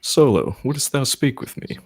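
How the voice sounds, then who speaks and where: A man's voice: mid-range voice, lively intonation, a little slow. A man reading a kindly rebel general in Shakespearean-style verse. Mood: solemn.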